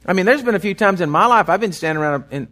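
A man preaching a sermon in a slightly high voice. He talks to his congregation as if chatting, retelling scripture and stopping to restart his sentences. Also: expressive, very fast, sharp tone. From Texas. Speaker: pastor.

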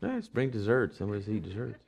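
A man's voice: on the low side, sing-song, quick pace, creaky, background noise. A man who is a pastor, preaching a conversational sermon in a church, with rising bursts of energy.

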